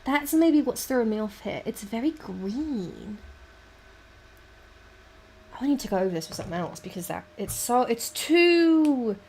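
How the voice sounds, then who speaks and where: A woman's voice: fairly high pitch, expressive, a little slow, a little mellow, a little hiss or hum. A woman livestreaming as she paints, chatting casually, muttering to herself and swearing now and then. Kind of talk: casual chat while painting.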